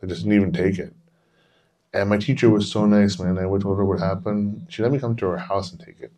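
Deep-voiced man swearing through candid stories. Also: steady tone, fairly quick, dark tone. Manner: candid, profane, rambling. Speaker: podcast host. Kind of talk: casual storytelling chat.

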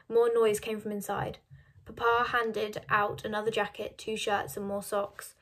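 A woman reading a novel aloud in a soft, measured storytelling manner. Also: medium pitch, completely flat delivery. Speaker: reader.

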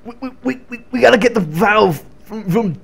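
A man's voice: high-pitched, expressive, moderate pace, gravelly, slightly rough, pitched above the performer's own voice, full character voice. A man putting on the voice of a frantic, stammering old male mad scientist from a cartoon. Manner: stuttering, burping-style stammer.

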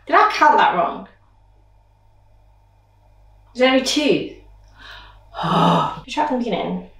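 A woman's voice: a little high, animated, takes it slowly, fairly bright tone. Woman choreographing aloud in an echoey room. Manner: vocalizes counts as beat sounds. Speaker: dance teacher. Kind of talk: thinking aloud while choreographing. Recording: roomy echo, mic at a distance.

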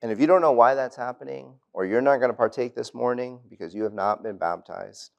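A man's voice: medium pitch, a little fast, vocal fry, lo-fi sound. Earnest man preaching a sermon. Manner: earnest, personal storytelling preaching. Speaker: preacher at youth lectures. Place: church auditorium.

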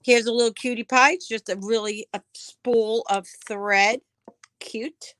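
A woman's voice: fairly high pitch, steady tone, measured pace, a bit bright, no room sound. A woman selling items on a live stream auction, chatting casually, describing each piece as she handles it and answering viewers by name.

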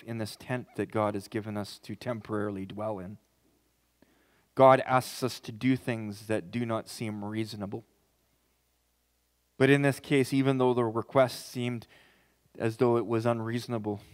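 A male pastor delivering a sermon in a mid-range voice. He reads scripture and then talks earnestly with the congregation, his words carrying a long reverb through a church hall. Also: medium pitch. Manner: reads scripture aloud, then speaks in a rising, impassioned tone. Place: church sanctuary.

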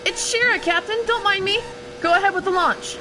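A woman voicing a meek, apologetic female engineer from a video game, speaking softly and timidly. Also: extremely high pitch, a little fast, music in the background, voice pushed up, low-quality recording. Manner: soft-spoken and timid.

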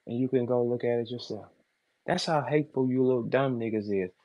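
A man's voice: medium pitch, a little fast, highs cut off. A middle-aged man, a battle rapper delivering a taunting, boastful, profane rant. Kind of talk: ranting monologue.

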